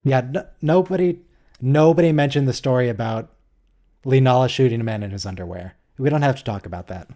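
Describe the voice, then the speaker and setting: Hosting a relaxed live watch-along, this American man teases a viewer and playfully coaches how they pronounce things. He speaks briskly in a mid-range voice with a dark tone.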